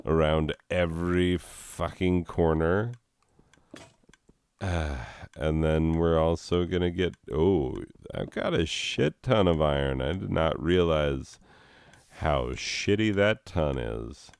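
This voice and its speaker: A man with a very low, smooth voice drifts slowly through stoned gameplay commentary, giggling and swearing as he rambles. The sound is dry and close. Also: a little mellow, no room sound. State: high. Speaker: gaming video host.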